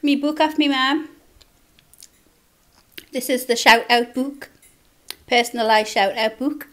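A woman's voice: high voice, slow pace, fairly bright tone. A young woman with a Geordie accent, chatting casually and laughing as she eats on camera. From Newcastle, England. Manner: chatty, laughs often, mouth full between bites. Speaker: eating-show vlogger. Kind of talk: casual chat while eating.

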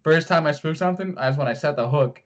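A man's voice: a little high, fast, muffled recording. A man hosting a podcast, chatting casually in an easygoing way and laughing often. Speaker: podcast host.

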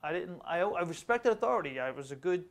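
A middle-aged man from Long Island, an author and educator, telling stories in a quick, animated way as a guest in a casual interview. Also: high voice. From Long Island, New York. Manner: fast, animated storytelling.

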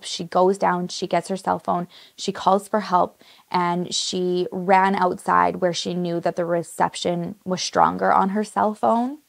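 A woman's voice: on the low side, flat delivery, measured pace, vocal fry, hardly any pauses, dry recording. A woman hosting a true crime show, telling the story in a casual, conversational way full of fillers. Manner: conversational, many "like" and "just" fillers.

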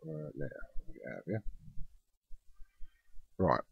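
A man's voice: low-pitched, huge pitch swings, slow, creaky, breathy edge, dry recording, muffled recording. A man hosting a let's play, chatting casually and thinking aloud as he builds in a game.

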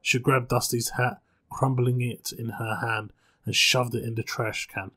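A man narrates a spooky short story in a calm, measured way. His voice sits at an ordinary pitch with a husky texture. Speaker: storyteller and channel host.

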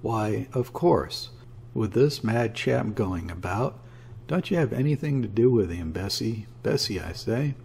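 Here is a half-mad old father, his voice raised and piercing, as a man reads him aloud. The old man's voice keeps a gravelly, husky grain even when it climbs, and his measured tones keep breaking into shrill cries. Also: heavily acted. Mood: crazed. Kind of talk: audiobook character reading.

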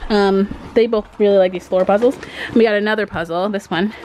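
A woman's voice: medium pitch, fairly even intonation, brisk, noisy background. A woman chatting casually in a family vlog, often laughing and talking to her dog. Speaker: vlogger mother.

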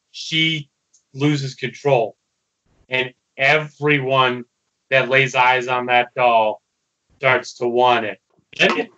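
Bright-voiced man recapping casually. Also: mid-range voice, lo-fi sound. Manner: casual, loose retelling with quoted lines. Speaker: podcast co-host. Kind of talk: casual episode recap chat.

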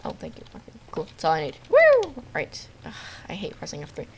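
A woman giving playful, jokey live commentary on her own gameplay, with quick outbursts at the game. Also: deep voice, sing-song, darkish tone, a little hiss or hum. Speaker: gamer narrating her own video.

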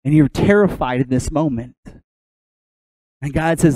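A male pastor preaching a sermon, retelling a story in an animated way. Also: on the high side, a little slow, pauses often, no echo, low-quality recording.

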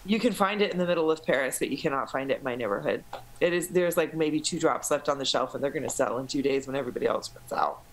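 American woman, swears a lot, animated storytelling, casual podcast chat. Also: very deep voice, fast talker, slight background noise, low-quality recording. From United States. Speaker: podcast guest. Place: lives in Paris suburbs.

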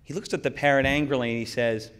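Brief: middle-aged male keynote speaker, mid pitch, folksy and energetic, long hall reverb. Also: quick pace, clear, resonant tone. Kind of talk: conference keynote talk. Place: conference hall.

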